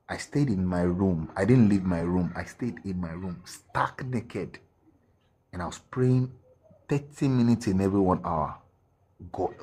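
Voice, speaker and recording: A man's voice: lowish voice, slightly rough. A man with a Nigerian accent giving an earnest personal testimony as a guest, slipping into Pidgin and restarting his sentences. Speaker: guest telling his story.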